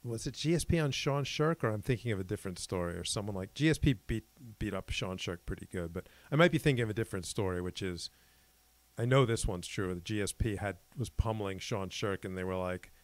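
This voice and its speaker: A man's voice: lowish voice, fairly quick, no room sound. A man co-hosting a podcast, chatting casually and rambling through stories with self-corrections. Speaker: podcast co-host. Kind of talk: casual chat.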